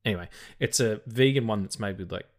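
A man's voice: on the low side, fast talker. A man co-hosting a casual film podcast, rambling with lots of restarts, stutters and swearing. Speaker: podcast co-host.

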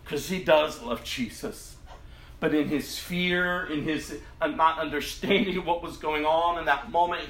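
A man preaching a sermon, acting out scripture with big swings from loud to hushed. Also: fairly high pitch, roomy sound, slight background noise.

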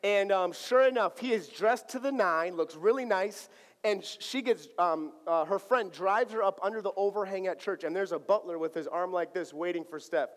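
A male pastor preaching a sermon, telling a personal story in a lively, playful way and acting out the dialogue. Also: high-pitched, normal speed. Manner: animated, acts out dialogue playfully. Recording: long hall reverb.

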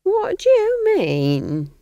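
An earthy, bawdy old witch who bickers in shrill, indignant bursts, as a woman reader puts her on. Her voice swoops wildly and sits low between the jumps. Dry, close sound with no room. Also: expressive, unhurried, dry recording, lo-fi sound. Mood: bickering.

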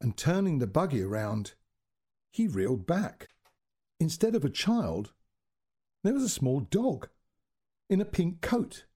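A man reading a short story aloud as a storyteller, with dramatic, expressive delivery. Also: on the high side, measured pace, long pauses, slightly rough.

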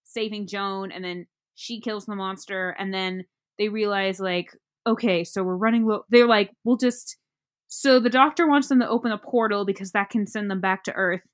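A woman in casual chat, recapping a movie plot in a rambling, halting way with many fillers. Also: mid-range voice, fairly even intonation.

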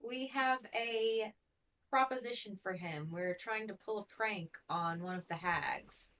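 Female player, calm reassuring delivery, mid-pitched. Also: unhurried. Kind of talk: casual tabletop play.

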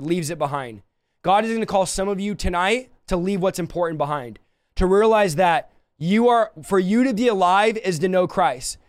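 A man preaching a livestreamed sermon, impassioned, swinging between soft and loud passages. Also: high-pitched, clear, resonant tone, dry recording, clean studio sound.

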